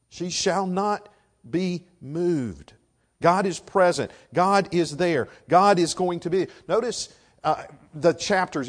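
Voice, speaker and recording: A man preaching a sermon, dropping to a hush and then rising to loud shouted emphasis. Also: mid-range voice. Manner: swings from hushed to shouting for emphasis.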